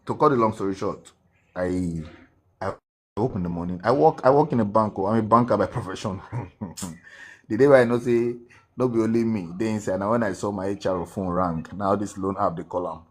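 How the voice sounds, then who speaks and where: A man's voice: lowish voice, brisk, husky. A man with a Nigerian accent giving an earnest personal testimony as a guest, slipping into Pidgin and restarting his sentences. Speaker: guest telling his story.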